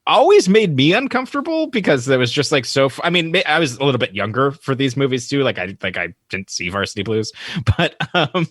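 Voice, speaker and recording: A man co-hosting a podcast, thinking out loud in a casual, musing way about a film. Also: mid-range voice, big pitch swings, a little fast, no echo, studio quality. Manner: musing and thinking aloud, with restarts. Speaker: podcast co-host. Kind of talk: casual movie discussion.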